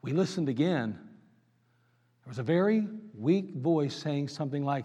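A man preaching a sermon in a church, asking the crowd question after question and swinging between loud pleading and hushed tones. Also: on the high side, lively intonation, a little slow, husky, in a large hall.

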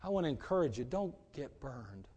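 A man's voice: medium pitch, big pitch swings, a little fast, warm tone, lo-fi sound. A middle-aged man, a pastor, preaching emphatically and telling a story. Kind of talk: sermon.

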